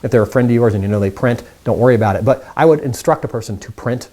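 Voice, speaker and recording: Fast-talking man teaching magic tricks. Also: medium pitch, dark tone. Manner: upbeat, chatty, talks straight to the viewers. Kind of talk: casual magic tutorial.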